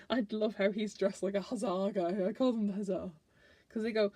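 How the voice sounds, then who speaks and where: A woman's voice: medium pitch, steady tone, brisk, dark tone, dry recording. A woman tarot reader chatting casually through a card deck, playful and giggly.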